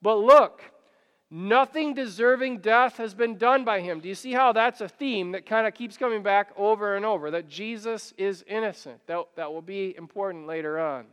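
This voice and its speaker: High, clear-voiced man preaching in a hall. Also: moderate pace, a bit bright. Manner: earnest, repeats and stammers when worked up. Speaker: pastor. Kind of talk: sermon.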